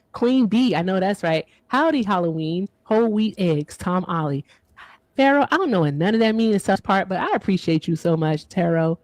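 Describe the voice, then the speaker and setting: A woman's voice: medium pitch, dry recording. A woman hosts a livestream in a playful, chatty way. Her voice sits in a middle range. The sound is close and dry. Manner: playful, chatty, reads donor shout-outs. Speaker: livestream host. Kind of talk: casual livestream chat.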